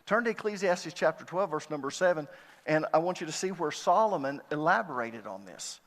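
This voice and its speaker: A man delivers a sermon as a pastor, his voice pitched a little high for a man. He reads verses with lifted emphasis and answers his own questions. The sound carries a long reverb from a large hall. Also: animated, a little fast, fairly bright tone. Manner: preaching with rhetorical questions, rising emphasis on scripture readings.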